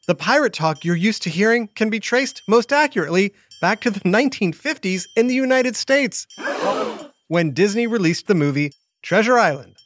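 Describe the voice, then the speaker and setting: A man's voice: high-pitched, expressive, moderate pace, fairly bright tone. Playful man hosting a kids show. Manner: playful, explaining to children. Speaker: host. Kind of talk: educational kids podcast narration.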